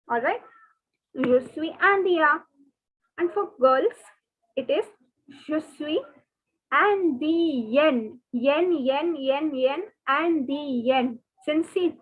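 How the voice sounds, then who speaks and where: A woman teaching a French lesson online. She speaks slowly and repeats phrases, spelling words out and drilling pronunciation. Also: sits high. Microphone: video call. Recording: tinny phone-like webinar audio.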